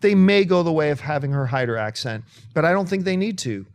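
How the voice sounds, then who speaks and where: A man's voice: fairly high pitch, fairly quick, gravelly. A man co-hosting a movie talk show, chatting casually and emphatically, with sudden bursts of enthusiasm. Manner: animated, emphatic, breaks into sung bits.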